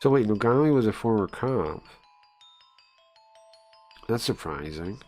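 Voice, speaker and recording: A man casually commenting while he plays and reads through a story game, chatty and easily excited, thinking aloud with many pauses. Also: fairly low pitch, faint music behind. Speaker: streamer playing and reading a story game. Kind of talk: casual live-stream commentary.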